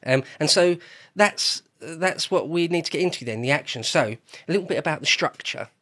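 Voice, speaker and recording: A man's voice: on the high side, expressive, fairly quick, fairly bright tone. Chatty man rambling. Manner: chatty, rambling, self-correcting. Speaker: podcast host. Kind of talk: casual chat.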